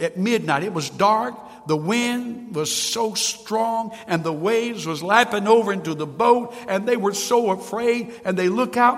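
A male pastor preaching a sermon in a church, swinging from loud emphatic lines to hushed ones. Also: sits high, long reverb tail. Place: church sanctuary.

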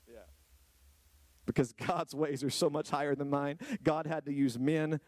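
A man preaching a sermon to a congregation, firing rhetorical questions and swinging from low, quiet lines to high, drawn-out exclamations. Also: no echo. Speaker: pastor. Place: church hall with a congregation.

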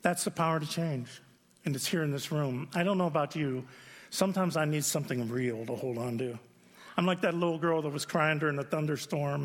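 A male pastor preaching a sermon with storytelling and self-deprecating humor, dropping low and soft for solemn points. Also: fairly quick. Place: large church. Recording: echoey church hall.

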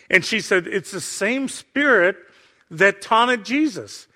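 A man preaching a sermon with passion, swinging from hushed, quiet lines to near-shouting. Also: high voice, a little slow. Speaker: pastor.

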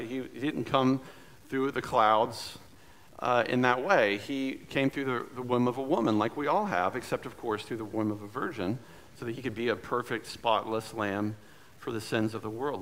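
A man preaching in a church sanctuary, his voice at a middle pitch. He tells his sermon like a story, in a loose and chatty way, and keeps asking the congregation questions. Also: sharp tone. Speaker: pastor.

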